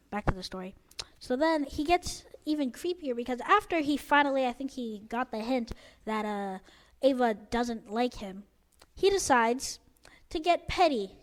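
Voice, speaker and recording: Recounting a story from school in a relaxed storytime style, a teenage girl speaks with a high, bright pitch. Her telling wanders and is full of filler words, and her exasperation is obvious.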